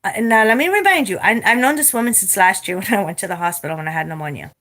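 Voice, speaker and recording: A woman telling a story in a casual vlog rant, blunt and profane, animated as she retells it. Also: medium pitch, fast talker. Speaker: vlogger.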